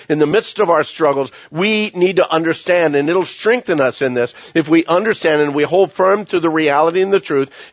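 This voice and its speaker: A man preaching a sermon as pastor, earnest and repetitive, often dropping his voice to a hush for emphasis. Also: on the high side, no echo. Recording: dull, lo-fi sound.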